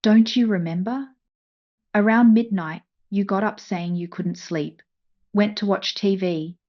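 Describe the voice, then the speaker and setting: A woman voicing a doting husband who teases and reassures in a soft, affectionate way. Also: high-pitched, a little slow, lo-fi sound. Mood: reassuring.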